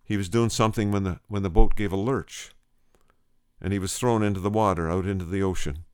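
A man's voice: low-pitched, steady tone, fairly quick, clear, resonant tone, dry recording, studio quality. A male preacher telling a story in a sermon, earnest, restarting phrases and repeating words for emphasis.

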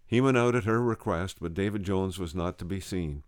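Low, clear storyteller man, dry sound. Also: normal speed, no room sound. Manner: voices quoted speakers with raised pitch; occasional stumbles and repeats. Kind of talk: retelling a revival story.

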